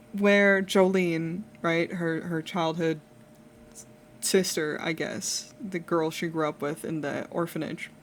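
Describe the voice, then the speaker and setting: Young woman, streamer, casual chat while drawing, slow and unhurried, rambling, lots of fillers, laughs often. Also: fairly low pitch. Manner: rambling, with frequent fillers and restarts.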